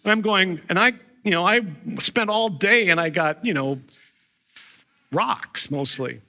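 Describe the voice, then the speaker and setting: Bright-voiced middle-aged male pastor. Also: sits high, unhurried. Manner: conversational, anecdotal, frequent restarts. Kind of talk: sermon with personal storytelling.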